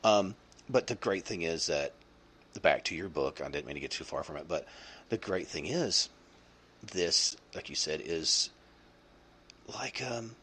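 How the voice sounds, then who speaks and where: A man's voice: low-pitched, lively intonation, unhurried, long pauses, pushed and bright, breathy edge. A man hosting a podcast, chatting casually and rambling with many fillers and restarts. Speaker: podcast host. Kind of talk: casual chat.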